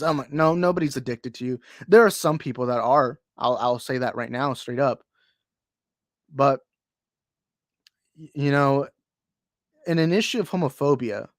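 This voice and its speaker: A young man talks on a podcast with a mid-pitched voice, rambling and getting heated as he goes. His sentences keep restarting and doubling back. The sound is dry and close. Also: no room sound. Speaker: podcast co-host. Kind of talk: casual chat.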